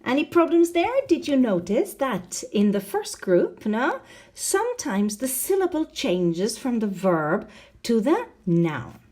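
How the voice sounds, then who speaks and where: A woman's voice: fairly high pitch, very animated, slow pace, mellow. A woman teaching English in a recorded video lesson, explaining step by step, spelling out word endings letter by letter and checking in with questions.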